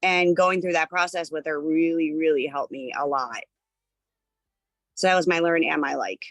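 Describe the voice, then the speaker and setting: Low-voiced woman sharing a reflection. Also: normal speed, no room sound. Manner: thoughtful, with fillers. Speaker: participant.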